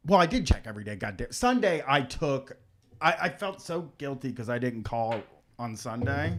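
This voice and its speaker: A man's voice: medium pitch, animated, a bit bright. A man hosting a casual radio talk show, rambling and stopping short to restart his sentences. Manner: rambling, halting, full of restarts. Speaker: podcast host.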